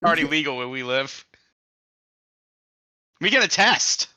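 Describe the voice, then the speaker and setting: Bright, dry-voiced man streamer. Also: on the high side, expressive, measured pace, no room sound. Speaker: guest streamer. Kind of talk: casual live-stream chat.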